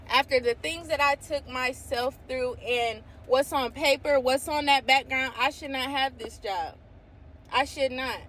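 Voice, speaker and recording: A woman talking casually to camera about her faith, excitable and exclaiming often, sometimes reading scripture aloud. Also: high-pitched, a little hiss or hum. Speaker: faith vlogger.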